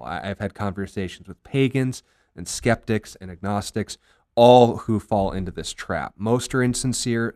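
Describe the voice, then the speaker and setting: A man hosting a faith discussion show as pastor, explaining his points in an earnest, brisk way. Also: lowish voice, a little mellow, dry recording, clean studio sound. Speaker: pastor and host.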